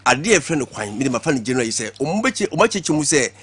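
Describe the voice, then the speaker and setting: A man's voice: mid-range voice, big pitch swings, very fast, fairly bright tone, breathy edge. A man with a Ghanaian accent, pressing others with questions in a heated TV debate and mixing English and Twi.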